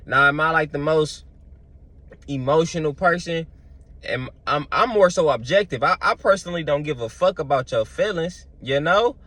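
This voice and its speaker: A man's voice: fairly high pitch, expressive, moderate pace, pushed and bright, no echo. A young man, telling stories in a loose, slangy vlog monologue full of fillers. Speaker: vlogger. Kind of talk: casual storytelling monologue.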